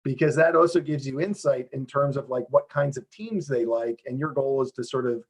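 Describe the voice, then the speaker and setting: A man being interviewed over a video call, explaining how his game works in a lively, fast, self-interrupting way. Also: mid-range voice. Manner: animated, talks fast with many restarts and fillers. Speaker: game developer guest.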